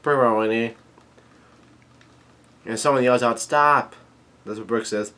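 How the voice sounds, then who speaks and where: A man's voice: on the low side, fairly even intonation, fast talker. A man giving a casual recap of a manga chapter, reading lines aloud with lots of fillers and restarts. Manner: rambling with many fillers and restarts. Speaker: manga chapter reader and reviewer.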